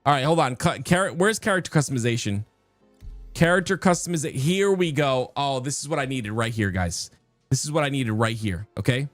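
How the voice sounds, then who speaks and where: Casually chatting with his viewers while streaming a game, a man rambles and often interrupts himself. His medium-pitched voice has lively intonation at a fairly quick pace, with no room sound and faint background music.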